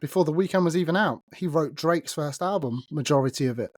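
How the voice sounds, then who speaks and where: A man's voice: fairly high pitch, fairly quick, no echo, studio quality. A middle-aged man from England with an East Midlands accent, hosting a podcast in casual interview chat, talkative and laughing often. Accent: East Midlands English. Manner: chatty, laughs often, animated asides. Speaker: podcast host.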